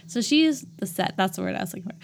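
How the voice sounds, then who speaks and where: A young woman co-hosting a podcast, giving a casual, animated movie recap that turns giggly and exasperated. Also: medium pitch, fast, creaky, background noise. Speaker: podcast co-host.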